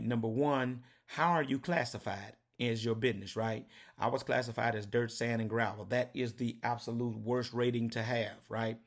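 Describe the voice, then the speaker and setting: A man's voice: medium pitch, creaky. A man, a trucking business owner, talking casually to his viewers and giving business advice in a folksy way, often checking in with "right?". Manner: folksy, repeats "right?" and "did you get that?".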